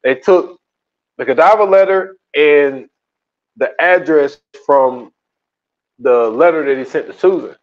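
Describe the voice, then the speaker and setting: A man's voice: fairly high pitch, measured pace, long pauses, dull audio. A man co-hosting a podcast in casual chat, retelling a documentary in a rambling, slangy way with many restarts. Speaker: podcast co-host.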